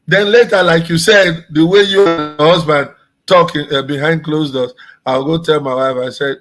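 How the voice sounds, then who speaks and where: A man's voice: fairly high pitch, fairly even intonation, moderate pace, fairly bright tone, faint music behind, poor audio. A man, a guest and pastor, telling a story in casual discussion, repeating his phrases.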